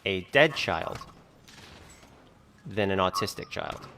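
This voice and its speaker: A man's voice: deep voice, expressive, slow pace, noisy background. A man talking in a rambling vlog monologue, full of fillers like "like" and "you know". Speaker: video creator being reacted to.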